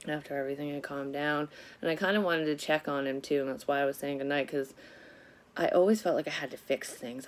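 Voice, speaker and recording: A woman with a deep, low voice recounts a personal memory in a casual vlog. She swears freely and rambles, often correcting herself as she goes. Her delivery stays candid and unpolished throughout. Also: darkish tone. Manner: candid and profane, with frequent swearing; rambling, self-correcting recollection. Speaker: psychic medium vlogger.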